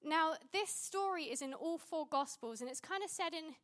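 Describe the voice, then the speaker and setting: Woman, high-pitched, sermon, conversational, self-correcting. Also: expressive, normal speed, a bit bright. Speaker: preacher.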